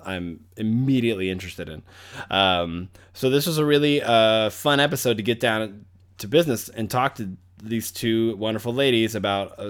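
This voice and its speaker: A man's voice: lowish voice, a bit bright, clean tone. A man hosting a podcast, talking in a rambling, joking way full of fillers. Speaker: podcast host. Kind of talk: casual podcast chat.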